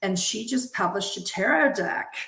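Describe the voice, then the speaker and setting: A woman's voice: mid-range voice, lively intonation, moderate pace, vocal fry, bright, forceful tone. A woman chatting as an interview guest, enthusiastic and full of praise for her coworkers. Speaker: guest, zine head witch. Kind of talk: casual interview chat. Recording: echoey room.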